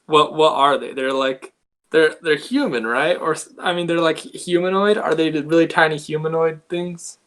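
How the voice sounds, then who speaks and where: A man giving a rambling deadpan comedy monologue, halting and full of restarts. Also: a little high. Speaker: comedy video creator.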